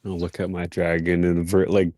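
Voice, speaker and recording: A man's voice: low voice, completely flat delivery, normal speed, darkish tone, dry recording. A man playing a tabletop game, talking loosely and chattily with frequent fillers. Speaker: player. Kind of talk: casual tabletop game play.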